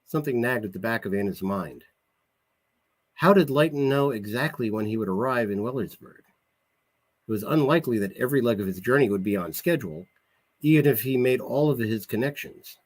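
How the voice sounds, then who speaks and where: Husky man reading his novel aloud. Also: medium pitch, animated, fairly quick, low-quality recording. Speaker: author.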